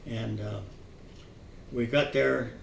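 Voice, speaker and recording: An older man telling his memories in an oral history interview, halting with many fillers and restarts, chuckling now and then. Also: mid-range voice, fairly even intonation, vocal fry. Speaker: veteran interviewee. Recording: echoey room, distant mic, faint noise.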